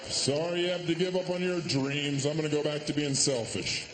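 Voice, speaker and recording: A man performing stand-up comedy on a club stage, with sardonic, deadpan delivery broken by sudden yelled punchlines. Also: fairly high pitch, normal speed, long reverb tail, background noise.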